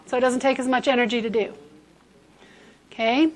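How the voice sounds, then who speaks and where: A woman's voice: on the high side, fairly even intonation, brisk, rough recording. A woman teacher giving a chemistry lecture to a class, explaining with everyday comparisons and checking in with "okay?". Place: high school classroom.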